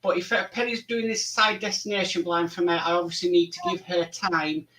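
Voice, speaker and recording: A man's voice: sits high, level tone, fairly quick, bright, forceful tone, far from the mic, rough recording. A man hosting a casual model-building live stream, rambling and friendly with many fillers. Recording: voice somewhat off-mic.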